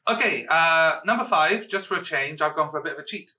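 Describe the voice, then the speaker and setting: Bright animated man co-hosting, off-mic. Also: normal speed, recorded from a distance. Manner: animated, acts out quotes in high voices. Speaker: co-host. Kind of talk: casual chat.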